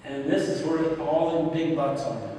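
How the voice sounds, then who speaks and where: A man's voice: a little high, unhurried, warm tone, a little hiss or hum. A man with a Midwestern American accent giving a folksy, plain-spoken conference talk, telling stories with quoted back-and-forth. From United States. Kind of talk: conference talk with audience questions. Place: large hall. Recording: roomy hall, speaker heard from a distance.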